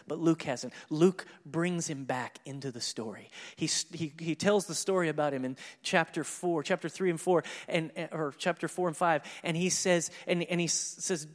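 A high-pitched man delivers a sermon with animated energy. He reads scripture and then dramatizes the exchanges, chuckling along the way. His voice rings with the long reverb of a large hall. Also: moderate pace, few pauses. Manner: animated, acts out scripture dialogue with laughs. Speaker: pastor.

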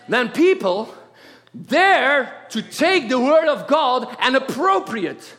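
A man preaching an impassioned sermon, often shouting out praise. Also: very high-pitched, big pitch swings, slow pace, echoey room. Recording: congregation audible behind. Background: congregation.

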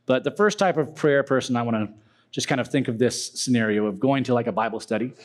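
A man's voice: mid-range voice, fast. A young man giving a casual, joking talk to a youth group, acting out silly prayer voices.

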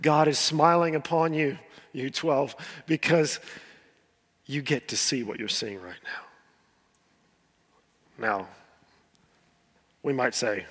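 Earnest pastor in a reverberant hall. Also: male voice, medium pitch, slow pace, long pauses. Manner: earnest, pleading, with soft drops and repeated words. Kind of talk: sermon.

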